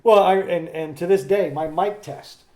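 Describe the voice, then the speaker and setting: Casual higher-voiced man in an echoey room. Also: moderate pace, crowd noise. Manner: animated storyteller, bursts into loud theatrical recitation. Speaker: podcast co-host. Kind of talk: casual reminiscing chat. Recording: echoey room with faint noise.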